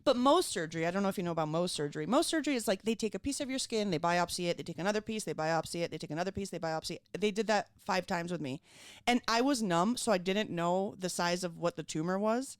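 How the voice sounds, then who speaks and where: A woman from Venezuela, a podcast guest, telling a funny story in a lively voice, acting out every quote. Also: fairly low pitch, quick pace, dry recording, studio quality. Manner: animated, acts out quotes with swearing and laughs. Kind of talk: casual comedic storytelling.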